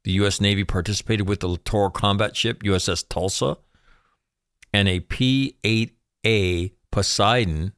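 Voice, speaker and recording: Low-voiced sarcastic man, dry sound. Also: fairly bright tone, no room sound. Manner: sarcastic, profane asides, jokey. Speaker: military news commentator, former Marine. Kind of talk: casual news commentary.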